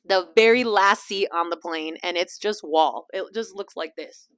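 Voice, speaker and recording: A young woman hosting her own podcast, chatting casually about a trip, animated and laughing, acting out other people's lines. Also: medium pitch, moderate pace, hardly any pauses. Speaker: podcast host. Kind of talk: casual storytelling chat.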